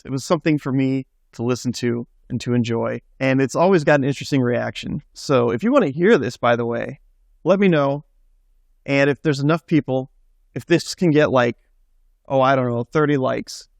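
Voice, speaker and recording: A man's voice: medium pitch, gravelly, dry recording, studio quality. A man, a musician, chatting casually to his viewers as he answers a question. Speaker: musician and channel host. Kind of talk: casual vlog talk to camera.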